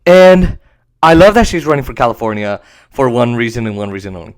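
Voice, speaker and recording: A man's voice: mid-range voice, very animated, brisk. A man hosting a podcast, ranting sarcastically with profanity and laughter. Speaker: podcast host. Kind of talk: ranting commentary.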